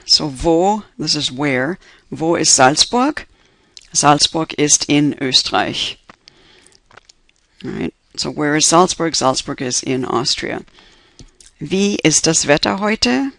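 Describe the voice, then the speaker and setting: A man's voice: on the high side, gravelly, a bit bright, dry recording. A man teaching an introductory German class over slides, patiently explaining each point step by step and repeating the examples.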